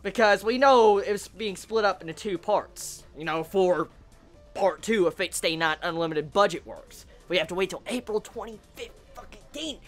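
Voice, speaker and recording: A woman's voice: medium pitch, normal speed, faint music behind. A woman giving a casual ranting review, exasperated, stammering and swearing a lot. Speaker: anime reviewer.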